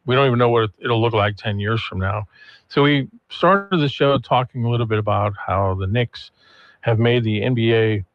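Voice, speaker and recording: A man's voice: medium pitch, no echo. Male radio host, easy chat, muffled broadcast audio. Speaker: radio talk show host.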